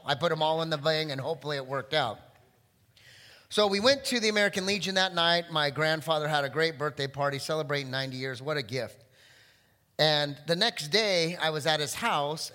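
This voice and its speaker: A man's voice: on the high side, in a large hall. A middle-aged man preaching a sermon as pastor, telling a personal story to his congregation. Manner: storytelling, animated then quiet and tender. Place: church sanctuary.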